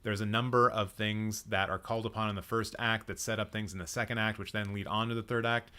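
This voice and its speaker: A slightly low-voiced man with a bright, forward tone chats casually on a live stream about films. He thinks aloud, circling back with frequent ums and restarts while responding to his chat. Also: fairly even intonation, a little fast. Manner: reacts to chat comments. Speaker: livestream movie chat host.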